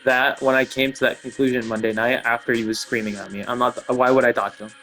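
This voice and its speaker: Quick man with blunt, incredulous replies. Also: medium pitch, flat delivery, fairly bright tone, faint music behind. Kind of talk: casual chat.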